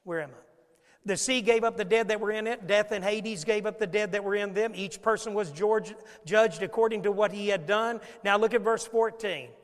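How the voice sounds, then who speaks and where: Male pastor, sermon, high voice, storytelling, asks the crowd questions, long echo of a big hall. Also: normal speed. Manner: storytelling preacher, acts out scenes and asks the congregation questions.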